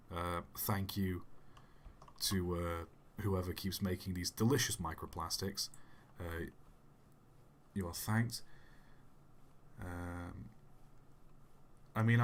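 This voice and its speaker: A soft-spoken young man answering chat questions on a casual livestream, rambling and self-deprecating. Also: lowish voice. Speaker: YouTube channel host. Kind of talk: casual livestream Q&A while gaming.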